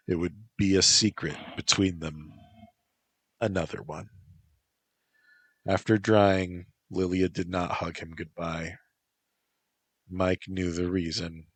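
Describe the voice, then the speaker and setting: Deep, slow-reading male storyteller. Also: husky, dry recording. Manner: unpolished reading with occasional slips and self-corrections. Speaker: narrator reading his own story. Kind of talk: audiobook-style story reading.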